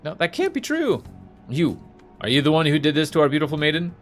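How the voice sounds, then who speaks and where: A man's voice: fairly high pitch, sing-song, fairly quick, fairly bright tone, faint music behind. A man reading a desperate cult follower. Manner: pleading, panicked. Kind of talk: reading video game dialogue aloud.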